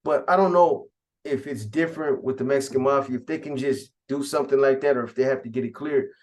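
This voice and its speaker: A man's voice: medium pitch, steady tone, fast talker, darkish tone. A man casually recounting a prison gang story in profane street slang.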